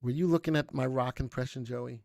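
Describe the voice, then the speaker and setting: A man hosting a live stock market stream, talking in a chatty, energetic way and answering viewer comments as he goes. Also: mid-range voice, fairly quick, gravelly, no room sound, clean studio sound. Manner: chatty and energetic, often checking in with "all right?". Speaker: stock market show host.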